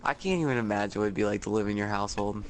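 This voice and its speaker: A man's voice: fairly low pitch, racing, a little hiss or hum. A laid-back man chatting and telling a story over a gaming headset while he plays. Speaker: gaming friend. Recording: loud game gunfire behind a headset voice. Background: video game gunfire.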